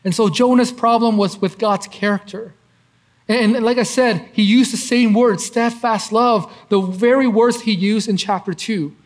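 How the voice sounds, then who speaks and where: Male preacher, high-pitched, earnest conversational teaching with rhetorical questions. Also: fairly even intonation, moderate pace.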